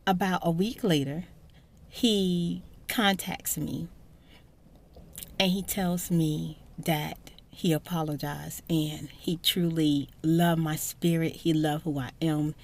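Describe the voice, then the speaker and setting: A woman's voice: low-pitched, fairly even intonation, takes it slowly, a little mellow. A woman hosting a casual ASMR storytime, chatty and emphatic, sometimes sinking to a whisper. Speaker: ASMR channel host.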